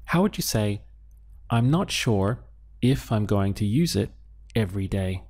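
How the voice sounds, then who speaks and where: A man teaching a language lesson, calmly prompting the listener and pausing for their answers. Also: on the low side. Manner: slow, patient prompting with pauses for answers. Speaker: Spanish teacher.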